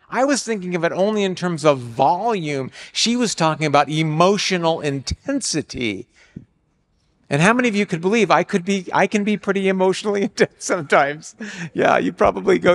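An older man delivers a sermon about marriage in a slightly raised voice. He is animated and acts out the lines he quotes, with sudden loud outbursts. The sound carries a long reverb from a large hall. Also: high voice, normal speed. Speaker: speaker on marriage.

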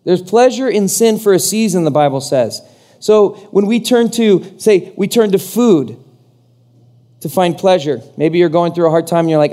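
A male pastor preaching a sermon in an animated way, acting out the voices he quotes. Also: high-pitched, normal speed.

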